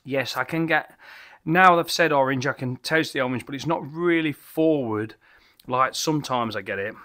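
A man's voice: mid-range voice, normal speed, bright, forceful tone. A tipsy man rambles and corrects himself while reviewing a beer at a home bar. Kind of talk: casual beer review vlog.

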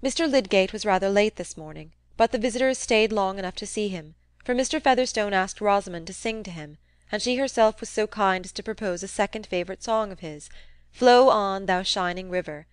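A woman narrating a classic novel in a measured, even reading voice. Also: mid-range voice, smooth, no echo. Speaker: audiobook reader. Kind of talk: scripted narration.

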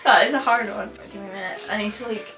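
A woman's voice: mid-range voice, quick pace, gravelly, pushed and bright, roomy sound, distant mic, soft background music. A Scottish woman chatting and teasing during a casual accent guessing game. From Scotland. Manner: giggly, teasing. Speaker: co-host.

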